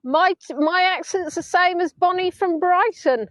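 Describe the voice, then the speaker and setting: A middle-aged woman from Hampshire with a southern English accent, chatting warmly with viewers while leading a live virtual tour outdoors on a beach. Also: very high voice, a little slow, no echo, rough recording. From England (Hampshire). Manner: chatty, affectionate, answering viewers' comments.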